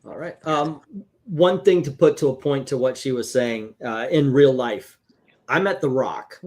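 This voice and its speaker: A man hosting a casual comic book review chat, talking in an animated, chatty way and laughing easily. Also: medium pitch, measured pace. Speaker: comic book show host.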